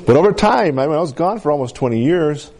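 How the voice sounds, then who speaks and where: Lively-voiced preacher with a Colorado valley accent. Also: male voice, fast. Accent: San Luis Valley, Colorado. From San Luis Valley, Colorado. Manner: preaching with frequent "Amen?" calls to the congregation; swinging between emphatic highs and soft low asides. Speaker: pastor. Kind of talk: sermon.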